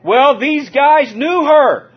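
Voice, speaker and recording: Preaching slowly, this high-voiced Southern California pastor brings lively energy to his sermon, calling out to the congregation and laughing as he goes. The audio has a muffled, lo-fi quality with the highs cut off.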